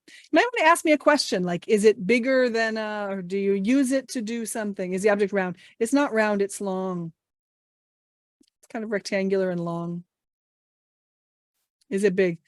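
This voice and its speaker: A woman's voice: mid-range voice, a little mellow, no echo, studio quality. A woman teaching English over a video call, playfully leading a guessing game. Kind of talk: online teaching session. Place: home office.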